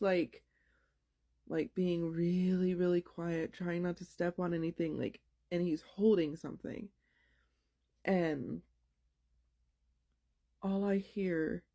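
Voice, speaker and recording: Slow, low-toned woman telling a ghost story. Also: dark tone. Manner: rambling, heavy use of "like". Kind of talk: casual retelling of a paranormal experience.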